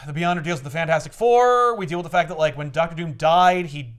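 A man's voice: fairly high pitch, fast talker. A man hosting a podcast, casually retelling a story in a rambling way, full of fillers and swearing. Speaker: podcast host. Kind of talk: casual chat.

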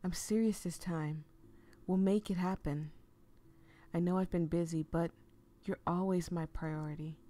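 A woman's voice: on the low side, fairly even intonation, a little slow, pauses often, dark tone, close to an everyday voice. A woman voicing an affectionate young man from a visual novel who talks casually and makes easy promises. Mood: reassuring. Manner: casual, reassuring.

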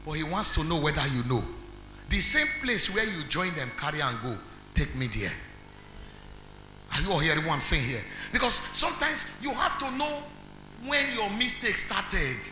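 A man with a Nigerian accent preaching a sermon as pastor, quizzing the congregation and building to shouts. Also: on the high side, lively intonation, normal speed. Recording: echoey hall with faint music.

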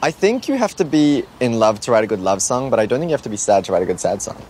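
A young man in his twenties from Australia, answering interview questions in a relaxed, playful, self-deprecating way outdoors at a home. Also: mid-range voice, fast talker, slight background noise.

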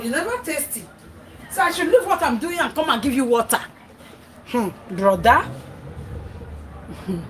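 A middle-aged Nigerian woman, a vlogger and mother, chats casually on a cooking livestream, reading comments aloud and scolding her children between remarks. Her voice is a little high, and the poor audio carries some hiss or hum.

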